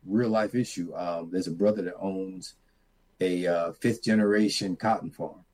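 A middle-aged man, a farmer and mentor, telling reflective stories in an earnest way that turns animated as he retells them. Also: sits low, slightly rough, low-quality recording. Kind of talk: reflective storytelling.

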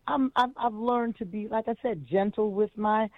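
A woman's voice: medium pitch, normal speed, dry recording. A woman, a jazz singer, telling personal stories expressively as an interview guest, often repeating words as she starts a thought. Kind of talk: animated personal storytelling. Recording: tinny phone-like line, dry.

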